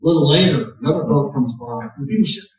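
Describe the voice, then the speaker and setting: Speaking fast in a voice on the high side with lively intonation, a man delivers a sermon built around stories. His humor is folksy and self-deprecating, he raises his voice for each punch line, and the recording is heavily echoey from a far-off mic.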